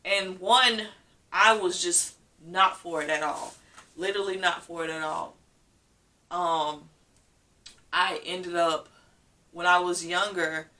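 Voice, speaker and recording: A woman vlogger tells a personal story candidly, her feelings close to the surface as she acts out what was said to her. Her voice is bright and forward. She sits a little back from the mic. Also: fairly low pitch, recorded from a distance. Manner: candid, emotional storytelling with acted-out quotes.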